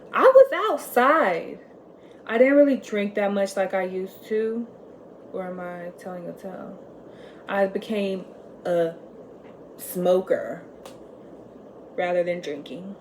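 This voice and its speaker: Young woman, vlogger, mid pitch, casual and confiding, fillers everywhere, faint noise under her voice. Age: young adult. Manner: candid and chatty, many "like" fillers, swings between loud and quiet. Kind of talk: casual storytelling monologue.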